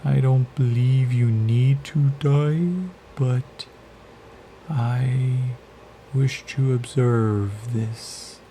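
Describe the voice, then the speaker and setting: A soft, gentle spider-like creature, put on by a man speaks in a slow, measured, calm voice. The tone is mellow and low, and a faint hiss sits behind it.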